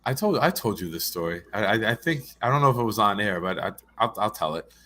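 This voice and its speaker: Bright-voiced man telling jokey stories. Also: on the low side, expressive, fast talker. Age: adult with a young son. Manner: laid-back storyteller, jokey. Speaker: guest co-host. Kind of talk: casual sports talk.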